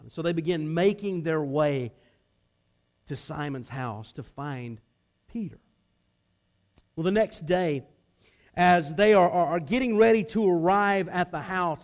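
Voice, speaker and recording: A preacher with a high-pitched voice gives a sermon to his congregation in a conversational way. He often repeats words as he restarts phrases and slips into acted-out voices for the people in his story.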